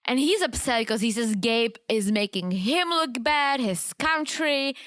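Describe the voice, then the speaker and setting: A woman co-hosting a podcast, recapping a reality show in animated, exclaiming casual chat. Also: fairly high pitch, a little slow, no room sound, studio quality. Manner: animated and exclaiming, laughs often. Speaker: podcast co-host.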